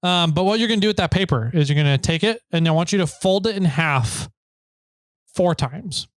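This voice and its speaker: A man's voice: sits high, lively intonation, a little fast, dry recording, studio quality. A man co-hosting a casual podcast, chatty and joking as he introduces listener voicemails. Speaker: podcast co-host.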